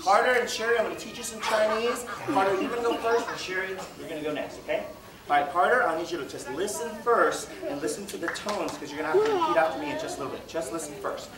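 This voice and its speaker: A male comedian on a live stage, barking out instructor commands and swooping through exaggerated, sing-song tones. His voice sits fairly high and leaps all over the place. He is picked up from a distance in an echoey venue, with a loud crowd behind him. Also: very animated, fast. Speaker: stand-up comedian. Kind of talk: stand-up comedy with audience participation.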